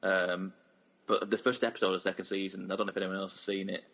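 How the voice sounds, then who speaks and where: Low-voiced man, stumbling chat. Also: flat delivery, a bit bright, lo-fi sound. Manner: halting, stammering restarts, enthusiastic. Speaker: podcast co-host. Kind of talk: casual chat.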